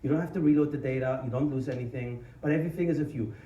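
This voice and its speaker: A man with a German accent giving an energetic, informal tech conference talk, joking about himself and restarting sentences often. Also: medium pitch, very fast, far from the mic, lo-fi sound. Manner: energetic, informal, self-deprecating, many restarts. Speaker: conference speaker. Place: conference hall. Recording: echoey hall, mic from afar.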